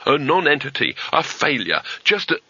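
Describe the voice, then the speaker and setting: A man voicing a brisk, practical young woman who speaks matter-of-factly. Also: fairly high pitch, sing-song, pushed and bright, slightly rough, no echo, pitched above the performer's own voice, full character voice. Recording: slightly dull, dry audiobook recording.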